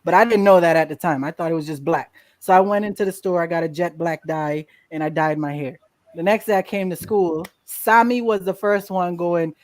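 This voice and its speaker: A woman guest in a casual interview, telling a lively story, acting out quotes and laughing often. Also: fairly low pitch, a little fast, no room sound. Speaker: podcast guest.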